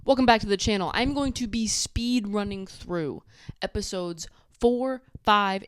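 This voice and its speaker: A woman's voice: medium pitch, dry recording, clean studio sound. A woman hosting her own channel, giving a blunt, profane, sassy recap of a reality show. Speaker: YouTube recap host.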